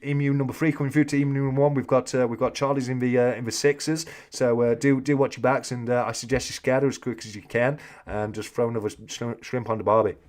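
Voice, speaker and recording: A man's voice: mid-range voice, flat delivery, fast talker, few pauses, darkish tone, close to an everyday voice. Emu squad leader on the radio, fake Australian accent, mock military jargon, put on by a man. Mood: mock serious.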